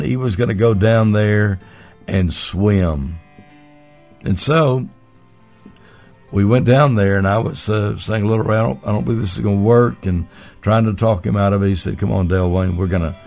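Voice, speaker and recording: A man's voice: fairly low pitch, a little mellow. A man preaching, telling a childhood story in a folksy way, piling up long strings of synonyms. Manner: folksy, piles up synonyms, chuckles while telling. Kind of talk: storytelling sermon.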